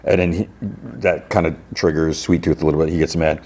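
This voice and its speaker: This podcast host has a bass voice with little pitch movement, a fairly quick pace and a slightly mellow, breathy tone. Rambling as he recaps TV scenes, he retells them with "he's like" and laughs at his own remarks.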